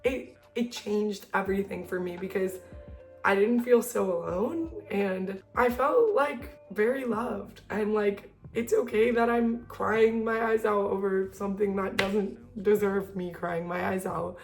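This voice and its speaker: A woman's voice: mid-range voice, steady tone, a little slow, darkish tone, soft background music. A young woman talking casually and earnestly to the camera about self-care, chatty and full of fillers. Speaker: self-help video creator.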